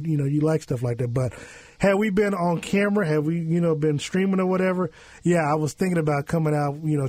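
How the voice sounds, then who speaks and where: A man hosting a sports radio show from the studio, loose and chatty with plenty of slang. His voice sits a little high with a husky edge. The sound is dry and close on the microphone. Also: mellow, dry recording. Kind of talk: casual sports radio talk.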